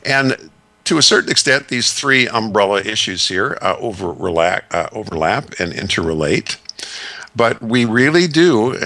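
A man in his sixties, a discipleship consultant, telling stories and giving advice in a measured, folksy way with many fillers. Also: sits low, bright, forceful tone, dry recording. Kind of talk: radio talk segment.

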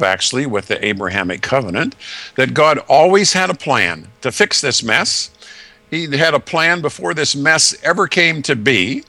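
A man giving earnest, measured Bible teaching in conversation, building his points through lists and rhetorical questions. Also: medium pitch, pushed and bright, no echo.

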